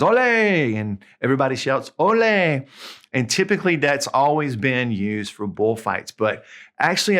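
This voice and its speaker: A man teaching a video language lesson, explaining in a relaxed way and drawing out words slowly to demonstrate them. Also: mid-range voice. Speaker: Spanish tutor.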